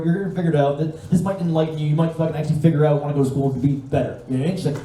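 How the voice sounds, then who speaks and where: A young man performs stand-up live, swearing and jumping between voices as he acts out phone calls. His voice sits a bit high but sounds very dark and mellow. He is picked up from some distance in an echoey room, with faint ambience behind him. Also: fairly even intonation, very fast, hardly any pauses, slight background noise. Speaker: stand-up comedian. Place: live comedy stage with audience.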